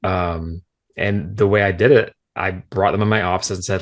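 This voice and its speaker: Low-voiced frank man. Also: steady tone, normal speed. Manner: frank, explanatory, drops in rhetorical "right?". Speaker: guest author, former school principal. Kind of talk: casual podcast conversation.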